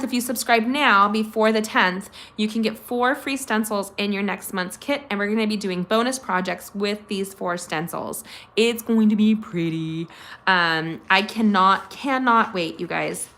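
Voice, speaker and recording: A woman's voice: mid-range voice, pushed and bright. A middle-aged woman hosting a chatty live card-making tutorial from her home, gushing over supplies and talking straight to her viewers. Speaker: craft channel host. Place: home craft room.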